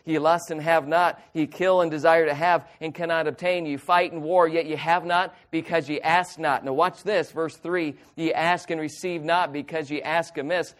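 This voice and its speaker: A young man preaching a sermon to a youth group, emphatic and acting out little quoted voices. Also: fairly high pitch. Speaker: youth pastor.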